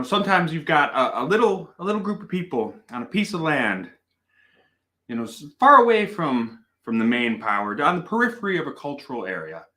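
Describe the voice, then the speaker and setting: A man hosts a casual live stream from home, chatting into a desk microphone. His voice is bright and his pitch moves all over. He rambles playfully and tells stories in a mock-serious way. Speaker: host.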